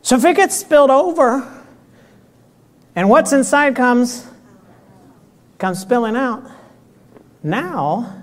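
A man preaching a sermon, often clearing his throat and acting out dialogue in a raised voice. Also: high voice, slow, pauses often. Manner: animated, acts out dialogue with raised voice.

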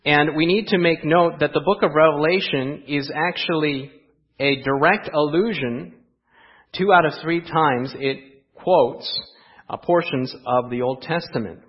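A man delivers a sermon in a church, asking his listeners rhetorical questions. He drops into quiet asides, then lifts his voice for emphasis. His voice sits a little high, and the recording sounds dull and muffled. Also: unhurried, husky. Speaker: pastor. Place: church sanctuary.

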